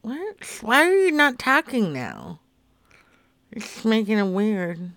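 Woman, prank caller, playful teasing, slow unhurried delivery, dry close sound. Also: fairly high pitch, huge pitch swings, a bit bright, no echo. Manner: teasing, mock-stern, playful. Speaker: streamer making prank phone calls. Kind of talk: live prank-call stream.

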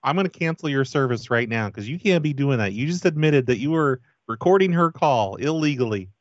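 A man's voice: mid-range voice, expressive, brisk, no room sound, muffled recording, lightly acted. A man playing a blustering phone company agent. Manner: blustering, stammering accusations. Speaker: prank caller.

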